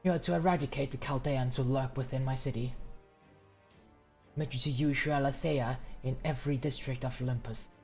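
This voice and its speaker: A stern, almighty god-king from a game, issuing solemn commands, as a woman reads him aloud. The voice is low and steady. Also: brisk, faint music behind. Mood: commanding.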